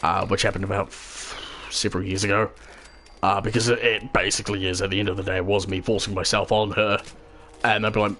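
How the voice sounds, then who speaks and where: A man's voice: on the low side, little pitch movement, fairly quick, pushed and bright. A man with a New Zealand accent rambling casually to his vlog audience, full of filler and restarts. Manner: meandering, full of "you know" and restarts; swoops into silly voices when telling stories. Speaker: vlogger.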